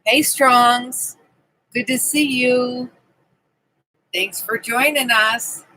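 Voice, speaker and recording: A woman's voice: on the high side, fairly even intonation, very slow, sharp tone, rough recording. A woman hosting a casual live stream from her camping trailer, chatting and greeting viewers by name. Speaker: livestream host.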